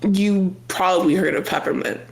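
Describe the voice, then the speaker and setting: A man's voice: sits high, normal speed, creaky. A man co-hosting a casual podcast, telling stories with lots of acted-out quotes and slang. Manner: animated storytelling, acts out quoted voices. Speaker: podcast co-host. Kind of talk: casual chat.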